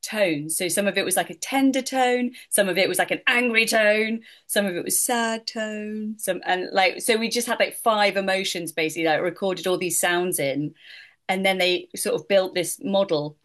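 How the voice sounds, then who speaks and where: A woman's voice: medium pitch, normal speed, fairly bright tone. A middle-aged woman, a voiceover artist, answering interview questions in a chatty way, with many fillers and frequent laughs. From United Kingdom.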